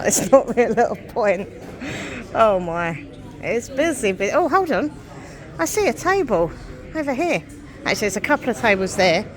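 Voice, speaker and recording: A woman from England talking casually to her camera as she walks about and sits in a café, chatty and self-deprecating. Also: mid-range voice. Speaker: vlogger. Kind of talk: casual chatty vlog narration. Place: out and about, then inside a busy café.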